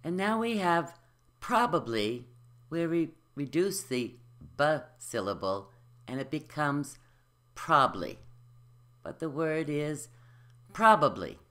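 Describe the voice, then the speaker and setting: A speech teacher explaining dropped syllables and modeling words and sentences slowly for the listener to repeat. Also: medium pitch, expressive. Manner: slow, careful, explanatory, models each word. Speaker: elocution teacher. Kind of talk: slow instructional speech drill.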